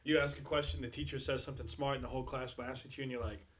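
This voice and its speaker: A man's voice: mid-range voice, fairly even intonation, very fast, slightly rough. A man venting bluntly in casual podcast chat, cursing freely.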